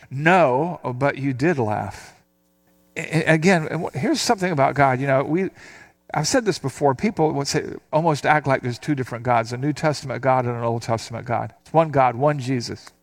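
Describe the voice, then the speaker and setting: An older man teaching a Bible passage, reading verses aloud and explaining them in a relaxed, conversational way. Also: medium pitch. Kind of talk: sermon.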